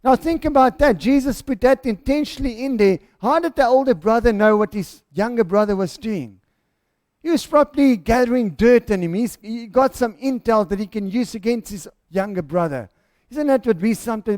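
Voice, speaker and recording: A man's voice: very high voice, animated, moderate pace, darkish tone. A South African man preaching a passionate, storytelling sermon as pastor.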